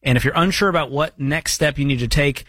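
A man's voice: on the high side, fast, fairly bright tone, no room sound. A man hosting a call-in radio show, upbeat and joking as he reads out listener questions and talks with callers. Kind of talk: casual call-in radio talk. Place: radio studio.

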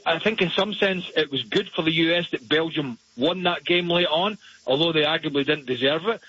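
A man's voice: a little high, a bit bright, husky, no room sound. Blunt man giving soccer analysis. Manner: blunt, opinionated, frank. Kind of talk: radio sports analysis. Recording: dull, lo-fi remote line.

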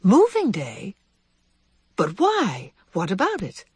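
A woman voicing a caring mother mouse, gentle, soothing, breathy, storybook. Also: mid-range voice, huge pitch swings, takes it slowly, no room sound, studio quality, full character voice. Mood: casual. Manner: gentle, soothing, trying to sound casual.

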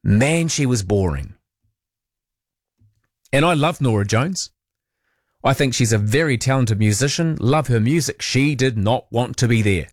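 A man's voice: medium pitch, normal speed, no echo, clean studio sound. A man with a New Zealand accent hosting talkback radio, chatting casually, reading out listener texts and drifting into rambling asides. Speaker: radio host. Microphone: studio mic.

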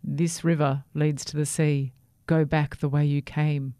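A woman voicing a big, helpful male rat who speaks briskly. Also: low-pitched, little pitch movement, mellow, no echo, clean studio sound.

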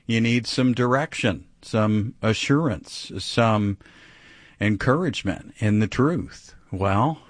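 A man's voice: medium pitch, no room sound. A man hosting a live call-in radio show about faith, talking conversationally with frequent fillers. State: clearing his throat, choked up. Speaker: radio talk show host.

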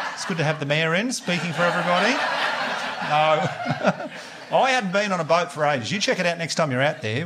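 A man's voice: sits high, heavy background noise. An Australian man doing a live stand-up set, chatty and laughing as he teases the crowd. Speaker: stand-up comedian.

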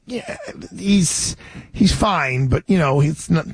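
A man's voice: on the high side, expressive, slow pace, slightly rough, no room sound. Chatty, rambling man hosting a radio show. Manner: chatty, rambling storyteller with frequent restarts. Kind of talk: radio talk show interview.

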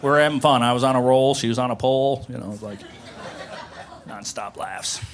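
A man's voice: medium pitch, fairly quick, a crowd in the background, noisy background. A man doing stand-up storytelling who laughs along with his own jokes. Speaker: stand-up comedian.

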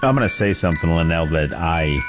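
A man's voice: low-pitched, animated, fairly quick, music in the background. A man co-hosting a podcast, telling stories in a joking, rambling way. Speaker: podcast co-host. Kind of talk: casual storytelling chat.

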